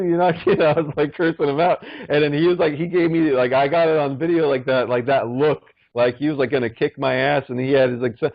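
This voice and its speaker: A man's voice: fairly high pitch, a little fast, few pauses, dry recording. A man telling a long story in casual chat, rambling and swearing, full of fillers, as a podcast guest. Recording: dull lo-fi recording.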